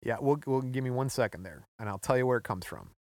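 A man co-hosting a podcast, relaxed as he recounts a history story and laughing often. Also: medium pitch, fast, dry recording, clean studio sound. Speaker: podcast co-host. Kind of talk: casual storytelling chat.

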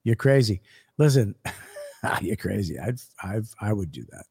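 A man's voice: fairly low pitch, sing-song, measured pace, darkish tone, husky. A man co-hosting a podcast, trading brash, profane jokes in casual banter. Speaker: podcast co-host. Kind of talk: crude comedic banter.

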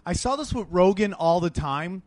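A man talking in a casual podcast chat, making emphatic, rapid points among fellow comedians. His voice is notably high for a man. The sound is dry and close. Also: lively intonation, a little mellow, no echo. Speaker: comedian guest.

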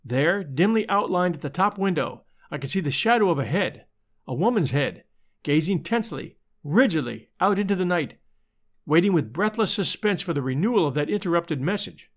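A man reading a story aloud as a measured, dramatic narrator. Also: sits high, animated. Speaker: audiobook narrator. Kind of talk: scripted narration.

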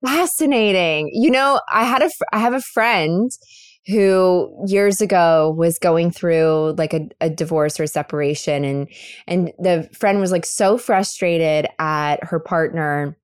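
Brief: woman co-host, animated storyteller, close dry mic. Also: fairly low pitch, a little slow, clean tone, dry recording. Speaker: podcast co-host. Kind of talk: casual chat.

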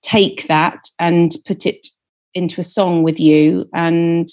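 A woman's voice: on the low side, flat delivery, slow pace, a little mellow. A woman in her thirties, a singer-songwriter guest talking candidly, chatty and self-deprecating, swearing freely. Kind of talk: candid podcast conversation.

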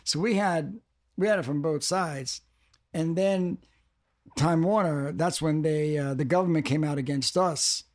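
An older man talks in a loose interview, his voice sitting a bit high. He stops and restarts, repeating words, then rushes ahead with animated force. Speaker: music executive guest. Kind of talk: casual interview talk.

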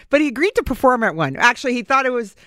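A woman hosting a talk radio comedy show, chatting with guests and reacting with quick interjections. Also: on the high side, big pitch swings, pushed and bright. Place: radio studio.

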